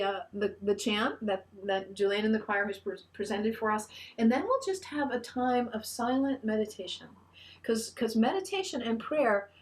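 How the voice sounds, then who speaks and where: A woman minister giving an online sermon, earnest and encouraging, often restarting her phrases. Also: fairly high pitch. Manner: leads the congregation in a call-and-response chant.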